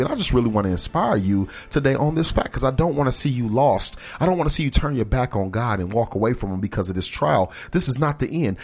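A man preaching an encouraging sermon, speaking earnestly and directly to his listeners and urging them on. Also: mid-range voice. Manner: earnest, exhorting, talks straight to listeners.

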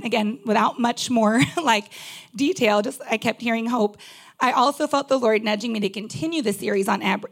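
A woman's voice: on the high side, gravelly. A woman pastor giving a personal sermon, candid and conversational, with many fillers, and at times holding back tears.

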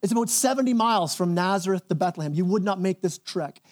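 High-voiced male pastor preaching. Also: fast. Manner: animated preaching, drops to hushed intensity. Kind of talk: sermon.

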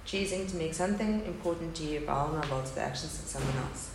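Fast and low-voiced, a woman in her thirties shares a candid, earnest testimony about loss. The setting is a faith gathering in an echoey hall, with a live audience and faint background hum.

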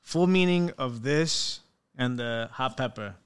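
Young guy hosting a podcast, smooth clear voice, jokey, reads out comments. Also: medium pitch, expressive, slow. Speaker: podcast co-host. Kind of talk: casual chat.

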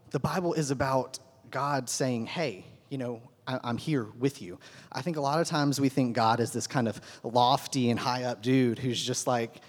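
A man giving a casual, conversational Bible lesson to a group, often checking in with his listeners. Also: medium pitch. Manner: conversational, keeps asking "right?". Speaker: Bible teacher. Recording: long hall reverb.

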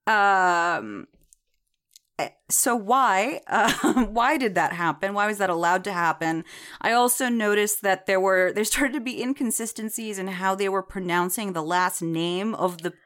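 Reviewing a TV series as a podcast co-host, a woman chats in a casual, digressive way, full of fillers and frequent laughter. Her voice is medium-pitched and fairly bright, with a measured pace.

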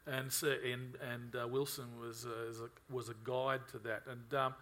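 Man, bright forceful tone, halting co-author in an interview. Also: mid-range voice, level tone. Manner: halting, full of fillers and restarts. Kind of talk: conversational interview.

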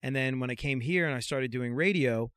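A middle-aged man with a slight Anglo-American accent, telling stories in a lively, jokey way in a casual chat. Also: mid-range voice, brisk, clear, resonant tone, dry recording, studio quality. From America, raised mostly in England. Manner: animated storyteller, jokey. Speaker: radio host guest.

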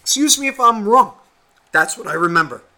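Bright-voiced man ranting profanely on a podcast. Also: high-pitched, animated, a little fast. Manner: profane, heated and rambling. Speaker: podcast co-host. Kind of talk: casual podcast rant.

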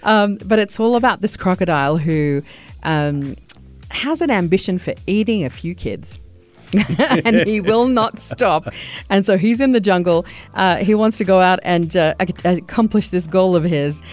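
A woman's voice: lowish voice, normal speed, a little mellow, soft background music. A woman hosting a radio show from a studio, bubbly and upbeat with frequent laughs. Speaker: radio host. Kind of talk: casual radio talk.

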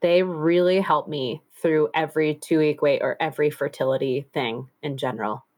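A woman's voice: low-pitched, fairly even intonation, normal speed, a little mellow. A young woman in casual podcast chat, blunt and profane, often laughing.

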